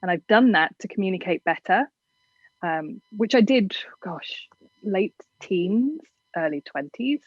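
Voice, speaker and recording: A woman's voice: mid-range voice, lively intonation, measured pace, dry recording, highs cut off. A woman from England with a generic southern English accent, giving frank, chatty advice as an interview guest. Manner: frank, chatty, self-deprecating.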